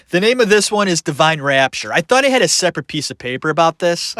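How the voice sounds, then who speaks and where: A man hosting a solo podcast, talking about actors in an animated, sarcastic way with frequent laughter. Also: a little high, fast talker, background noise. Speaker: podcast host.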